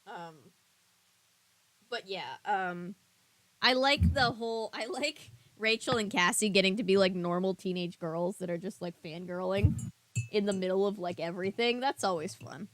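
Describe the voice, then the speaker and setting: A woman's voice: mid-range voice, moderate pace, no room sound. A woman hosting a casual book discussion podcast, chatty and giggly, often trailing off into fillers. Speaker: podcast host.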